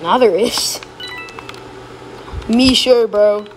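A woman streaming a game live, chatting casually and breaking into excited yelps when she is chased. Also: a little high, very slow, a little hiss or hum, rough recording. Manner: casual, says "bro" a lot. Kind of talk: live gameplay commentary.

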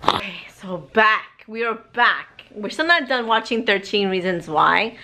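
A woman's voice: medium pitch, animated, measured pace, noisy background. A young adult woman vlogging at home, talking casually and reflectively, rambling with many "like"s. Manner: rambling, heavy use of "like". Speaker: vlogger and mother.

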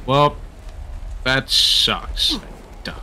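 A young man casually chatting while playing a co-op video game, excitable, often yelling and swearing. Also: mid-range voice, very slow, a little hiss or hum. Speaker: gamer playing co-op. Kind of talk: casual gameplay chat.

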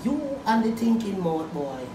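A woman with a Jamaican accent delivering a loud, profane comedic rant, often shouting. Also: mid-range voice, big pitch swings, unhurried, background noise. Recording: roomy, distant from mic.

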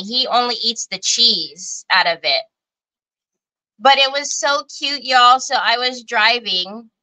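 A woman chats her way through a craft livestream, folksy and full of little exclamations aimed at her viewers. Her voice sits a touch high and has a bright, forward ring. She takes her time and never rushes a sentence. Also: rough recording. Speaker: craft show host. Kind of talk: casual livestream craft chat.

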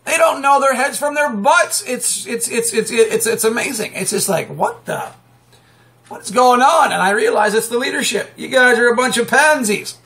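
A man preaching off the cuff, rambling and emphatic, breaking into sudden loud outbursts and chuckles. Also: extremely high pitch, expressive, moderate pace, creaky. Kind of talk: fiery unscripted preaching monologue.

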